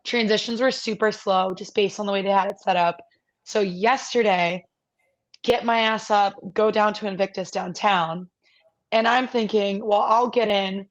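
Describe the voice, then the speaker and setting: A woman co-hosting a podcast, telling an animated story in casual chat and acting out what other people said. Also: mid-range voice, moderate pace, highs cut off. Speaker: podcast co-host.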